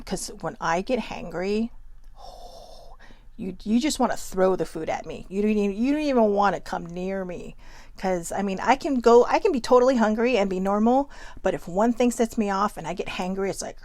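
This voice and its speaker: A woman's voice: medium pitch, moderate pace, darkish tone, no echo. A woman hosting a casual motivational vlog, talking in a chatty, emphatic way and laughing often. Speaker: vlog host.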